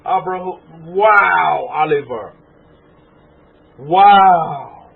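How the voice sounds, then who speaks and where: A man's voice: sits high, takes it slowly, creaky, breathy edge. Tearful man preaching, tinny phone-like sound. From Texas. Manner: fervent, swings from loud exclaiming to hushed murmuring. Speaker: rabbi. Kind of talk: emotional sermon to an online congregation.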